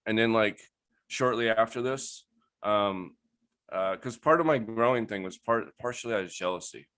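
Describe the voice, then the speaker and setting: A man telling stories in a casual, profane, animated way, often laughing, as a guest on a podcast. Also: on the low side, moderate pace. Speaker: guest grower. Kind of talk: casual storytelling.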